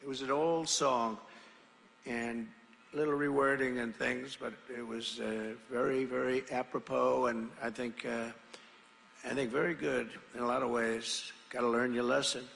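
Gravelly, forceful man addressing a rally. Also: medium pitch, fairly even intonation, moderate pace. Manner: rambling, asks the crowd questions, shouts. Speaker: political speaker. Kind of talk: rally speech. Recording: reverberant large venue.

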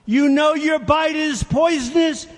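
A man's voice: extremely high pitch, steady tone, unhurried. A man voicing a kind, tender-hearted woman who cries out, heard with a long hall echo. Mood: distressed. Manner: cries out in alarm. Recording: long reverb of big hall.

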